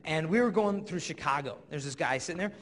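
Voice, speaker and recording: A man's voice: a little high, expressive, a little fast, fairly bright tone. A young man giving a comedic talk to a live audience in a large hall, acting out characters as he tells his stories. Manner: playful storyteller who acts out characters. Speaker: youth speaker. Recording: reverberant hall.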